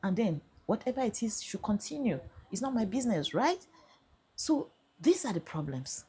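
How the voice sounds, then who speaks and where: A woman's voice: mid-range voice, big pitch swings, normal speed, dark tone, husky. A middle-aged Nigerian woman telling her own story in an emphatic way, building to passionate appeals. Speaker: vlogger. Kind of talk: personal storytelling.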